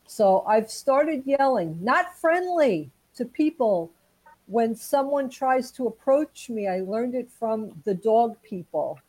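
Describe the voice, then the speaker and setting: A woman's voice: fairly high pitch, slow pace, warm tone, no room sound, poor audio. Chatty woman sharing funny stories. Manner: chatty, giggly storytelling. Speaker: podcast co-host. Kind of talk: casual chat.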